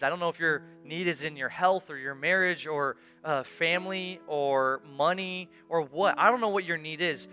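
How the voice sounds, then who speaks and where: A man's voice: fairly high pitch, bright, forceful tone. A male pastor preaching a sermon in church, earnest and urging, often repeating phrases for emphasis. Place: church sanctuary.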